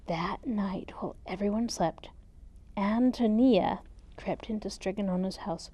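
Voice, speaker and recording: Expressive woman reading a storybook. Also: medium pitch, unhurried. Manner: expressive, dramatic storytime delivery. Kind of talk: reading a picture book aloud.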